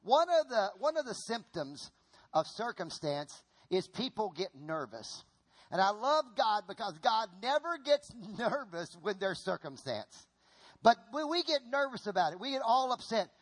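A middle-aged man preaching a sermon in an animated way, repeating his phrases and calling on the congregation to answer. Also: high-pitched, normal speed. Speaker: pastor.

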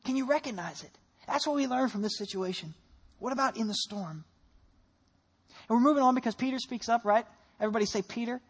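A woman preacher delivers a lively sermon with a somewhat high, husky voice. She retells the stories vividly and asks her listeners a string of rhetorical questions. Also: fast, pauses often. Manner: animated storytelling with rhetorical questions.

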